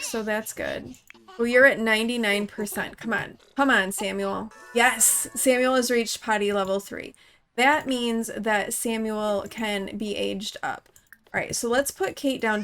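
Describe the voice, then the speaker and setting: A woman's voice: fairly high pitch, a bit bright. A woman hosting her own gaming channel, giving chatty let's-play commentary and talking straight to the characters in her game.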